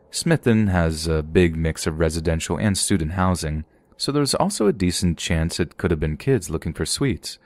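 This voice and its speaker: A man with an extremely deep, low voice narrates a scripted first-person horror story. He tells it in a steady, even way and draws out the tense parts. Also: slight background noise.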